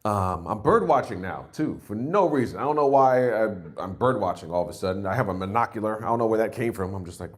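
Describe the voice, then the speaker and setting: Brief: forties New comic, low voice with big swings in pitch, loose and self-mocking. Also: male voice, animated, fast talker, few pauses. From New York. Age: 40s. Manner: rambling and self-mocking, with loud jumps into put-on exclamations. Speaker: stand-up comedian. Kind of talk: stand-up set.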